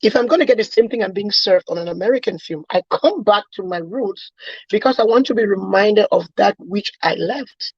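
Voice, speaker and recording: A woman's voice: medium pitch, animated, brisk, breathy edge, no room sound, dull audio. A woman from Cameroon co-hosting a casual chat, making earnest, emphatic points and building her argument with questions. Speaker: co-host.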